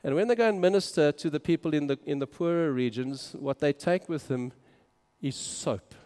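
A man's voice: a little high, normal speed, warm tone, clean tone. A man, a minister, narrating travel photos in a casual, enthusiastic and exclaiming way. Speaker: minister on a mission trip. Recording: long hall reverb.

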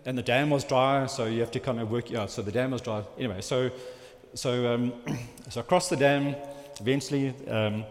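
A man preaching, telling a personal story in a halting, rambling way with many restarts. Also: medium pitch, steady tone. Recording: long hall reverb.

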